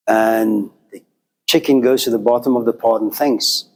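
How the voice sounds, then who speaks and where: A man's voice: mid-range voice, steady tone, moderate pace, darkish tone. A male lecturer telling a parable in a conversational philosophy lecture, often saying "you know".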